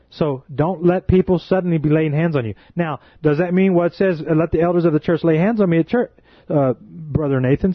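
A man's voice: on the high side, husky, dry recording. Man, self-styled watchman preacher, earnest and pleading, dry dull recording. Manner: earnest, pleading, repeatedly addresses listeners as folks. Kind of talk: sermon-style warning.

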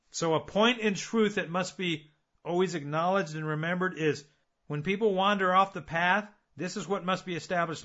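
A man's voice: on the high side, a bit bright, lo-fi sound. A man preaching a sermon, earnest and building his points with repeated phrases and rhetorical questions.

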